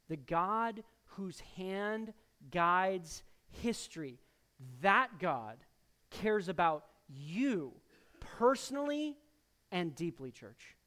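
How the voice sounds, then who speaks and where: A man preaching a sermon to his congregation, talking straight to them, swinging between emphatic loud bursts and quiet drops. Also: fairly high pitch. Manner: addresses the congregation directly as church. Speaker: pastor.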